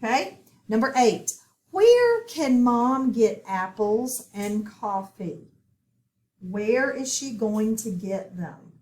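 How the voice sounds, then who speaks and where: A woman walks learners through a phonics worksheet, speaking very slowly and repeating each word with care. Her voice sits a little high for a woman. The room around her is echoey. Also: sing-song, darkish tone. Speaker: phonics teacher. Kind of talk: slow, deliberate phonics lesson.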